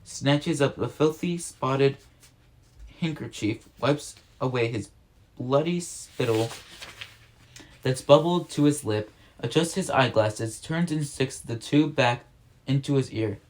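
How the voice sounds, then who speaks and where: In a steady, mid-pitched voice, a man reads a novel aloud at an unhurried pace, much like an amateur reading at home. Every so often he trips over a word and backs up to fix it.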